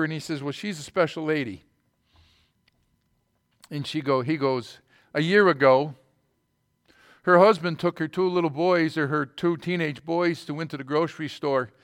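A man's voice: fairly high pitch, a bit bright, clean tone. A man preaching a sermon, telling a story in a colloquial way with false starts, then rising into fervent scripture reading.

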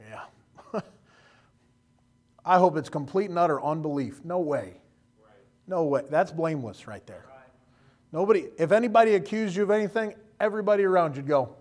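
Man, preaching a sermon, folksy and joking, somewhat high pitch. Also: normal speed, a little mellow. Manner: folksy, joking asides with quoted voices. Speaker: pastor.

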